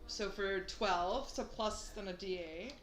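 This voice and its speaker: A woman's voice: medium pitch, slow. A woman playing a tabletop game, reading out rules and adding up dice in a matter-of-fact way. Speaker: player. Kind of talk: casual tabletop game play. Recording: echoey room with faint noise.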